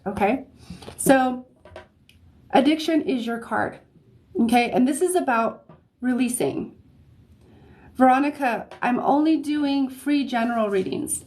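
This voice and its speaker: A woman giving a live-streamed tarot reading, talking in a chatty, easygoing way, often checking in with "okay?" and laughing softly between phrases. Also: sits high. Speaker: psychic reader. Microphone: phone or desk mic on livestream.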